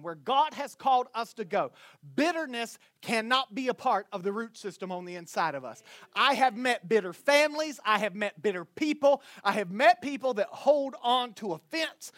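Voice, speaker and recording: A male pastor preaching a sermon loudly, with slow, stressed phrases. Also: very high voice, dry recording, studio quality.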